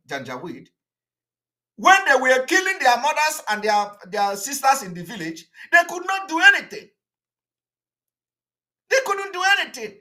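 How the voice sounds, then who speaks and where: A man's voice: very high voice, bright, forceful tone. A Nigerian-accented man giving a combative, indignant political address on a livestream, hammering points with repeated rhetorical jabs. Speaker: political activist addressing viewers.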